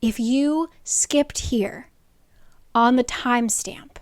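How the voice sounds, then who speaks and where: A woman's voice: a little high, steady tone, moderate pace, darkish tone, no echo, studio quality. A young woman with a worn-out voice giving a chatty, sarcastic spoiler recap of a novel, full of "like" asides. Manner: chatty, rambling, lots of "like" asides. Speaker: book summary creator.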